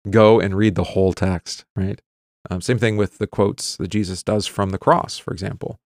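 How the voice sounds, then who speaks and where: A man's voice: lowish voice, steady tone, normal speed, a little mellow, no echo, studio quality. A middle-aged man, a pastor, reading long scripture passages with rising emphasis and explaining them in loose, filler-laced asides. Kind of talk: bible reading and teaching.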